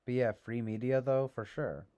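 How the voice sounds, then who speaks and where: A man's voice: medium pitch, moderate pace, warm tone. A man hosting a casual livestream, rambling with lots of fillers and a sarcastic edge. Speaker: livestream host.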